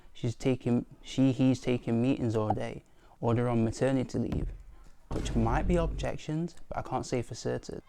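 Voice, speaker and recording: With vocal fry in a medium-pitched voice, a young man earnestly and self-critically narrates his journey toward building a marketing agency. Music plays beneath his vlog voice-over, along with some background noise.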